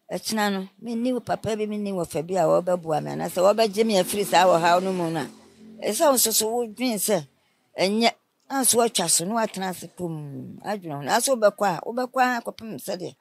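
Gravelly-voiced woman in her nineties. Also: mid-range voice, moderate pace, no room sound. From Ghana. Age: 90s. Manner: animated, advising, acts out quoted speech. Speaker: interviewee. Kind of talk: storytelling interview.

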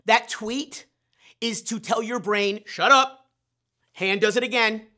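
A man hosting a sales training talk, animated and self-deprecating, acting out his own inner voice. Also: high voice, unhurried. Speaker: sales trainer and show host.

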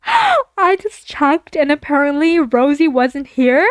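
A young woman with a high-pitched voice chats through a building game with her viewers. She is giggly and excitable, often gushing over the builds. Her voice sounds close and dry. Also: slow, hardly any pauses, no echo. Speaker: gaming YouTuber. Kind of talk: casual game commentary.

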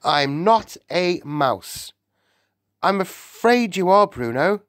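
A man voicing a loud-mouthed, greedy boy who has been turned into a mouse, blustering and shouting in an audiobook. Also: high voice, animated, slow, no room sound, clean studio sound, voice pushed up, exaggerated voice. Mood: indignant.

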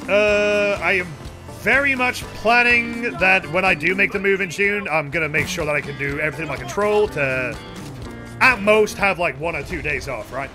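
Man, streamer, high voice, lively pitch, game music behind, casual, swears a lot. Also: moderate pace. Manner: excitable, swears freely, chats to viewers. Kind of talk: casual gameplay commentary.

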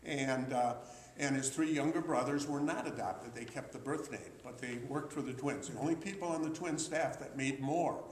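A man's voice: medium pitch, normal speed, echoey room, a little hiss or hum, low-quality recording. A man in his sixties telling rambling, chatty anecdotes to an audience, with restarts and uh's along the way. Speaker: memorabilia collector giving a talk. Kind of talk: anecdotal storytelling talk to an audience.

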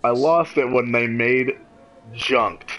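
A man's voice: mid-range voice, slow, poor audio. A man co-hosting a casual podcast chat, telling stories with lots of laughter and swearing. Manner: animated storyteller, laughs a lot, swears. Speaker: podcast co-host.

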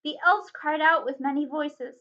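Bright-voiced woman reading a storybook aloud. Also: high voice, moderate pace. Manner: expressive, dramatic reading. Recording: dull lo-fi recording.

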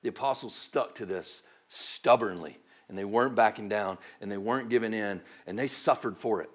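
A man's voice: on the low side, moderate pace. A male pastor giving a casual, joking sermon that is full of fillers like "like". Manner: animated, joking, heavy use of "like".

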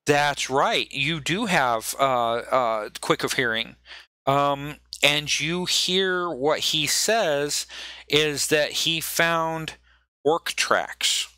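A man's voice: fairly high pitch, drawn-out words, sharp tone, clean tone, dry recording. A man narrating and running a tabletop game in a loose, rambling way. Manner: loose, rambling, many fillers and restarts. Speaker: game master.

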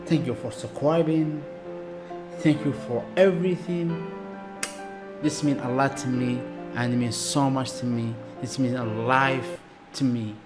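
A man, not an English speaker, excitedly reacting to a music video in broken English with lots of exclamations. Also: mid-range voice, a little slow.

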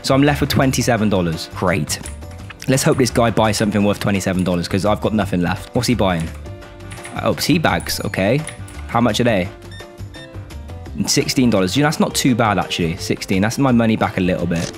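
A young man commentating on a shop game, excitable and exasperated, his voice swinging between high outbursts and low grumbles. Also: a little fast, faint music behind. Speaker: gaming YouTuber.

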